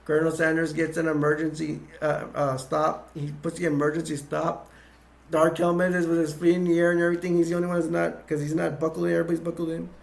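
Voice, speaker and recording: A man's voice: fairly high pitch, flat delivery, quick pace, gravelly. A man giving a casual movie plot recap, rambling with frequent restarts and chuckles. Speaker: video reviewer.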